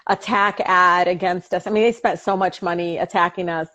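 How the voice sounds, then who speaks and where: This politician, a woman guesting on a video-call interview, animates her stories with frequent laughter and acted-out family conversations. She talks at a moderate pace in a voice on the low side.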